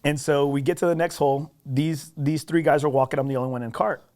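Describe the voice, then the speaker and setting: On a podcast, a man tells a golf story casually and with animation, poking fun at himself and often checking in with "right?" His voice sits on the high side, and he talks fast.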